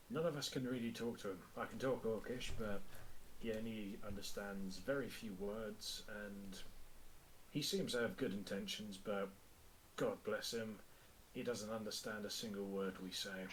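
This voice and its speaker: A man's voice: lowish voice, measured pace, a little hiss or hum, poor audio. A man playing a tabletop role-playing game, casually describing his character's actions. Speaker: player.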